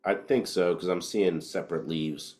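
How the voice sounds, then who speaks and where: A man's voice: deep voice, moderate pace, a little mellow, a little hiss or hum. A man co-hosting a podcast, chatting casually and profanely over cigars and whiskey, with plenty of fillers. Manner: laid-back and profane, with frequent fillers. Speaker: podcast co-host. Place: indoors, home podcast setup.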